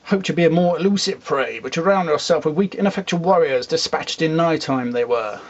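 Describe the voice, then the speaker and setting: Man doing cold robot bounty hunter, mercenary, asks "yes?" at the end, higher voice, dull lo-fi audio. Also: brisk. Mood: cold, mocking. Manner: read out, ends lines with "yes?".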